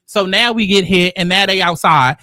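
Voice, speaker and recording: High, bright-voiced sassy male commentator. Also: normal speed, no room sound, studio quality. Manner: sassy, profane, animated storytelling. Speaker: commentary host. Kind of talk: casual reality-show commentary.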